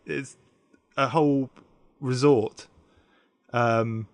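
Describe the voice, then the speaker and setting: A man's voice: mid-range voice, normal speed, a bit bright, no echo. Giggly man on a casual podcast. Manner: giggly, keeps laughing while telling. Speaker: podcast co-host presenting a story.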